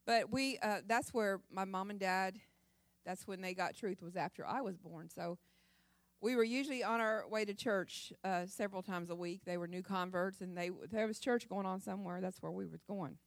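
A woman's voice: medium pitch, normal speed, no echo. A woman from Ohio giving a folksy, chatty personal testimony as a guest speaker at a church service. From Ohio, USA. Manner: folksy storytelling, chatty and lively, with many restarts.

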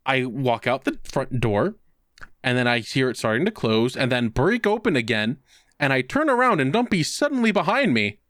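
Animated male podcast storyteller. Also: mid-range voice, moderate pace, dry recording, clean studio sound. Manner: animated storytelling with voiced quotes. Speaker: podcast co-host. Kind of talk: casual podcast chat.

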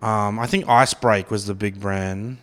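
A man's voice: fairly low pitch, steady tone, a little slow, fairly bright tone. Australian male podcast host, rambling casual chat, restarts a lot. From Brisbane, Australia. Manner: rambling and chatty, often repeats words.

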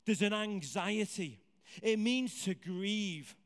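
A man preaching a sermon in a conversational, animated way, asking the congregation questions. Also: high voice, takes it slowly. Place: church hall with congregation. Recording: hall reverb.

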